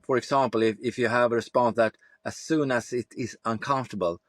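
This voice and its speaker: A man's voice: mid-range voice, steady tone, a little fast, dry recording, clean studio sound. A man from Sweden, a guest on a podcast interview, reflective and plain-spoken, who swears casually.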